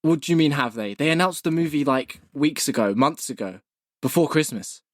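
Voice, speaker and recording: A man's voice: on the high side, animated, moderate pace, dry recording, clean studio sound. A young man co-hosting a podcast in casual chat, teasing and laughing often. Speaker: podcast co-host.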